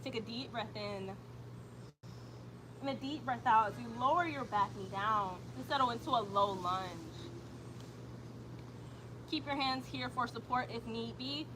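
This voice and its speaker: Lady teaching yoga on her mat, slightly high voice, chatty asides, lots of room noise. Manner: calm breath cues, chatty when reading comments. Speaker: yoga instructor. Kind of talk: guided yoga instruction.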